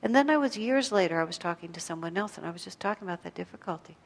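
At an evening gathering, a female spiritual teacher tells reflective stories about herself, laughing lightly at her own mistakes. Her fairly low, gravelly voice is animated and racing, with a big-room sound.

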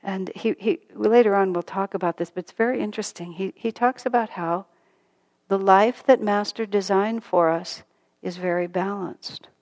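A woman's voice: mid-range voice, fairly even intonation, normal speed, a little mellow. An older woman giving an informal spiritual talk, telling stories with frequent laughter and acting out the voices of people she quotes. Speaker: spiritual teacher.

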